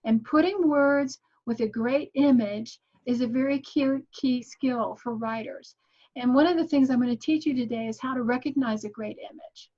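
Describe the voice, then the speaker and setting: A woman's voice: high-pitched, normal speed, dark tone, muffled recording. Encouraging woman teacher on a call. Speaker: guest teaching graphic design. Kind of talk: online tutorial talk.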